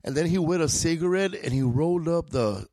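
Slangy, profane LA comedian. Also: male voice, a little high, fairly quick, warm tone, no room sound. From East Los Angeles. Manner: profane, laid-back, drawling street slang. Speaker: guest comedian. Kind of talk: casual storytelling.

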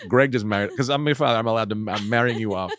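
A man hosting a comedy podcast, rambling and self-mocking, swinging between loud bursts and mutters. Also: lowish voice, quick pace. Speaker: podcast host. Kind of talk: casual comedic chat.

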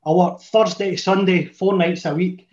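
A man's voice: steady tone, moderate pace, a little mellow. Glaswegian man in his thirties telling a story. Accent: Scottish, Glaswegian. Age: 30s. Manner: chatty, swearing, dropping to a low mutter for his inner thoughts. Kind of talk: casual storytelling among friends. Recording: echoey room, muffled sound.

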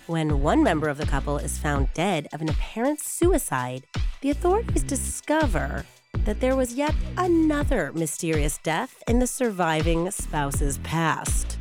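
A woman co-hosting a true crime podcast in a studio, her voice husky from a cold, moving between upbeat chat and a measured storytelling read. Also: lowish voice, very animated, music in the background. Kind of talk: conversational true crime podcast, reading narration.

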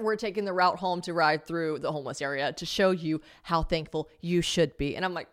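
A woman's voice: on the low side, a little fast, hardly any pauses, a bit bright. A woman in her thirties hosting a podcast, chatting casually and rambling, with frequent laughs. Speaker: podcast host. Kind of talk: casual chat.

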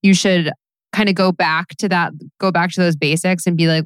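A woman's voice: lowish voice, steady tone, moderate pace, dry recording. A woman hosting an interview, asking questions in a casual, hesitant way with many fillers. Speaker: podcast host.

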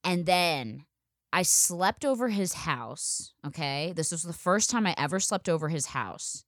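A young woman tells a comic story in casual chat, her pitch swinging widely as she swears and throws in asides. The sound is dry and close, with no room echo. Her energy stays high and playful. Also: a little slow. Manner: profane, animated, full of asides like "okay?".

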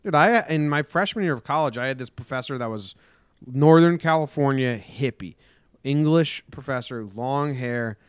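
A young man co-hosting a casual chat podcast, laid-back and wry. He swears now and then. His voice is at a middle pitch and recorded close and dry. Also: normal speed, clean tone, no echo. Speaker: podcast co-host.

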